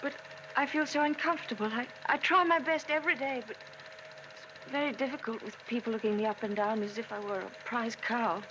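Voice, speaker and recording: A young woman acting a timid new wife who stammers and apologizes, her voice a little high. She hesitates over her words. The sound is dull with clear hiss, like an old 1940s film soundtrack. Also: a little fast, close to an everyday voice. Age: young adult.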